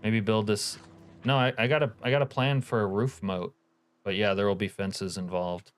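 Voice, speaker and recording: A man's voice: lowish voice, fairly even intonation, normal speed, clear, resonant tone. A man live-streaming a game, chatting casually, reading viewer comments aloud and swearing offhand. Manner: laid-back, profane, reads chat aloud.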